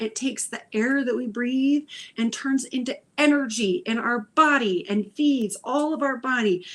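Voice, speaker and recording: A woman hosting a spiritual livestream as an intuitive healer. She talks softly and meanders, repeating phrases meditatively, with frequent sighs and whispered phrases. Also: fairly high pitch.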